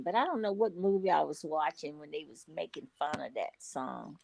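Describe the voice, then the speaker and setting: A woman chatting in a lively way and agreeing with the others. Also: deep voice, normal speed, vocal fry, few pauses.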